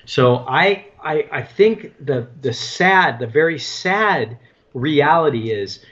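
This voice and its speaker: A man's voice: a little high, animated, slow, fairly bright tone. A man co-hosting a political talk show, speaking earnestly and often restarting his sentences. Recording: dull lo-fi recording.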